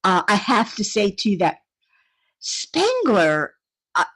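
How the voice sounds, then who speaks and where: Slow, chatty woman hosting a livestream. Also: mid-range voice, wildly swooping pitch, fairly bright tone, slightly rough. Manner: chatty, laughing often, reading out viewer comments. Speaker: livestream host. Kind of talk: casual livestream chat with viewers.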